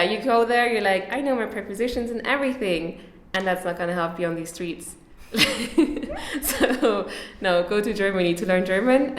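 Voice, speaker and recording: A young woman from Switzerland talks loosely and quickly as a podcast guest, often laughing and poking fun at herself. Her voice sits at a middle pitch. The room around her has a clear echo. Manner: chatty, laughs often, self-deprecating. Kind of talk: casual interview chat.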